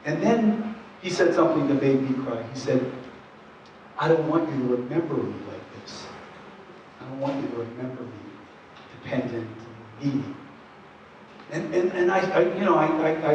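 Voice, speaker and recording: A man's voice: sits high, a little mellow, a little hiss or hum. A man giving a presentation, telling stories in an earnest, conversational way, full of asides. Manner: earnest, many asides and "you know"s. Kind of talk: conversational storytelling talk. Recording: echoey hall, distant dull mic.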